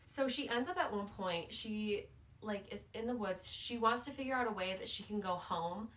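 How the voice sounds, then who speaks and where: A woman's voice: mid-range voice, normal speed, fairly bright tone. A woman giving a casual, playful book recap as a vlogger, leaning heavily on "like" as she retells the plot. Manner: chatty, playful, says "like" constantly. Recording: voice somewhat far from the mic.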